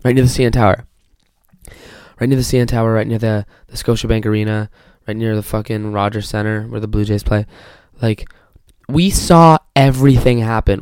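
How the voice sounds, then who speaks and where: A man's voice: lowish voice, little pitch movement, normal speed, a little mellow, smooth, dry recording. A young man from Canada hosting a solo podcast from his bedroom, telling rambling, profane, self-mocking stories. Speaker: podcast host. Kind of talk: casual solo podcast monologue.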